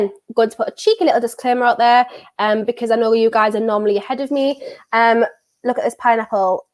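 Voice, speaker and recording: A young British woman rambles chattily through a live stream, leaning on filler words as she goes. Her voice sits a touch higher than most, and the cold she is fighting comes through. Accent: British English. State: has a cold. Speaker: football watchalong streamer. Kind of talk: casual live-stream chat.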